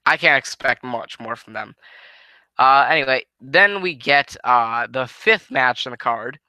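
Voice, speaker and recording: Tired, very bright-voiced man rambling. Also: medium pitch, lively intonation, unhurried, clean tone, dry recording. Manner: rambling, swearing, frequent restarts. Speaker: wrestling show reviewer. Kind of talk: casual spoken review.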